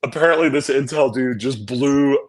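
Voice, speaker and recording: A middle-aged podcast co-host and former naval aviator tells an anecdote in a casual chat, animatedly acting out the quotes and tossing in "right?" again and again. His voice is mid-range at a normal speed, captured in a low-quality recording.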